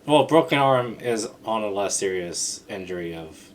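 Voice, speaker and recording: A woman's voice: extremely low pitch, animated, normal speed. A woman co-hosting a podcast, making dry, matter-of-fact remarks in casual chat. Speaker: podcast co-host.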